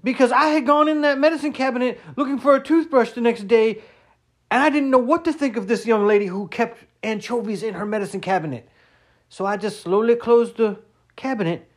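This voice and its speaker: A high-pitched middle-aged man rambling through a comic monologue. He stumbles over his words and repeats them. His indignation is played up for laughs. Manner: mock-indignant. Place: lives in Florida.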